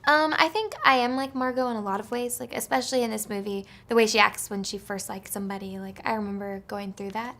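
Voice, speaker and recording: Woman with vocal fry, chatty. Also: mid-range voice, steady tone, quick pace, hardly any pauses, fairly bright tone. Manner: chatty, full of fillers like "like" and "um". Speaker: actress interviewed about voice work. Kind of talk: casual interview chat.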